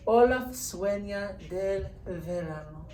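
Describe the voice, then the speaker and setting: Slow-talking woman teacher in a roomy room. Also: medium pitch, dark tone. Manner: patient, explaining step by step, checks in with "right?". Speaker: Spanish teacher. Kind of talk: classroom grammar lesson. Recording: roomy echo, distant mic, faint hiss.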